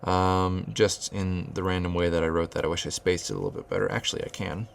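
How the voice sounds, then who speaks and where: A man with a very low, gravelly voice explains rhythm as he writes it out. He talks it through loosely, with fillers and restarts, and chants the counting syllables. A faint hiss sits under the recording. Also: level tone, quick pace. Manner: thinking aloud with many fillers and restarts. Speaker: music teacher. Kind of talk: whiteboard rhythm lesson.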